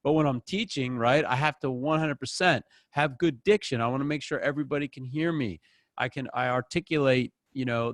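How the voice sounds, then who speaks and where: Teaching acting online, this man keeps things relaxed and energetic, mimicking people's voices as he quotes them. His pitch is medium, he's right up on the microphone, and the sound is dry.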